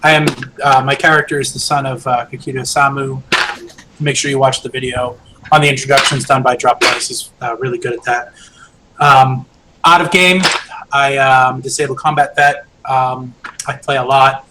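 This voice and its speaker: A man with a mid-range voice introduces himself to the table. He stops and starts, filling gaps with hesitations, and steady noise runs clearly behind him. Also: mid-range voice. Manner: halting, with many fillers. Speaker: player. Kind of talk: casual self-introduction. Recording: noisy background.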